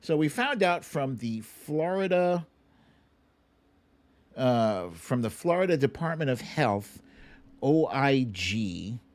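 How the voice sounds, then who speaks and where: Animated ranting male livestream host. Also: medium pitch. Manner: ranting, profane, sarcastic. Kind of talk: livestream political commentary.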